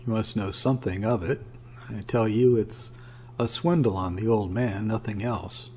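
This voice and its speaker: A man voicing a boisterous, scornful young sailor who talks bluntly and roughly. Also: lowish voice, steady tone, moderate pace, a little hiss or hum, natural voice. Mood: blustering. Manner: blunt, offhand and rough-spoken.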